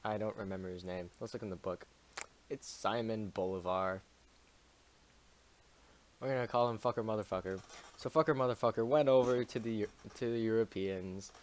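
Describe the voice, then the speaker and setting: A man's voice: on the low side, steady tone, moderate pace, long pauses, a little hiss or hum. Swearing man casually summarizing history. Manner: constant swearing, jokey, mumbling asides. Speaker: streamer summarizing a history chapter.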